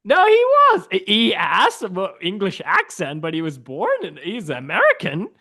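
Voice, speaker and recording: A man's voice: high-pitched, wildly swooping pitch, moderate pace, pushed and bright, slightly rough. A man chatting as a guest on a video call, teasing and laughing as he argues his point. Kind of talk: casual chat.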